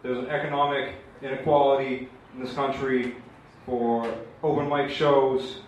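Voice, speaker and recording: A man's voice: mid-range voice, little pitch movement, unhurried, slight background noise. A young man doing a rambling, self-deprecating open mic stand-up set, full of fillers. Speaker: stand-up comedian. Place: small open mic room, audience laughing. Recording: echoey live room bootleg from far off.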